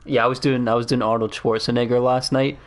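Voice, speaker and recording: An easygoing man chatting while he plays, his pitch in the middle of the usual range. He teases his co-host and laughs often through the conversation. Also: flat delivery, quick pace. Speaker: gaming channel co-host. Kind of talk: casual chat during gameplay.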